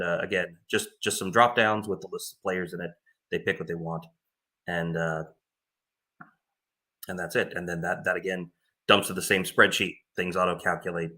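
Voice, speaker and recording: A man with a low voice and a bright, forceful edge gives an informal screen-share walkthrough. He talks plainly and casually as he explains how he runs a tournament. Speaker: tournament organizer explaining his tools.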